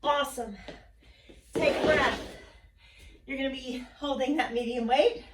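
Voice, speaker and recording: A woman's voice: sits high, fairly even intonation, unhurried, recorded from a distance, very noisy. A woman leading a home interval workout, cheering and counting down the seconds, recorded in a basement. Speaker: fitness instructor. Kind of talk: coaching a workout class. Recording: roomy echo, voice a bit off-mic.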